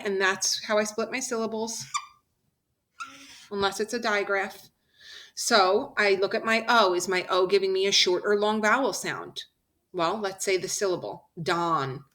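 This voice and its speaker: Bright-voiced woman teaching phonics. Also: medium pitch, steady tone. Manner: patient, slow and deliberate, drawing out example sounds; checks in often with the class. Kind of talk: phonics lesson.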